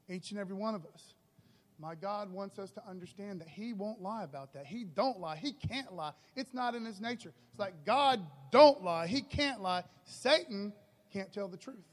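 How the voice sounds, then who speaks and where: A man preaching a sermon as pastor in a church, casual and energetic, peppering his talk with "okay" and "man.". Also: high voice.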